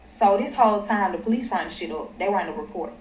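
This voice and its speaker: A woman's voice: medium pitch, expressive, fast, a little mellow, slight background noise. A young woman telling a personal story in a blunt, emphatic way, swearing heavily. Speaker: storyteller in a clip being reacted to. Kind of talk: profane storytime rant. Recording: echoey, distant mic with faint ambience.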